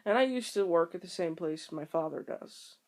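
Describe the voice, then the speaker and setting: Low, gravelly young woman vlogging. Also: lively intonation, moderate pace, a little mellow. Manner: rambling and candid, with many ums and restarts. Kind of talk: casual chat to camera. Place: at home.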